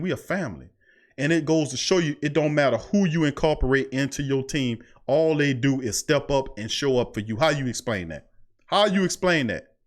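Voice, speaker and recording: A man hosting a sports podcast at his mic, preaching his points and repeating phrases for emphasis. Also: medium pitch. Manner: preachy, repeats phrases, heavy Southern US slang. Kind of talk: fired-up sports talk. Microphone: studio mic.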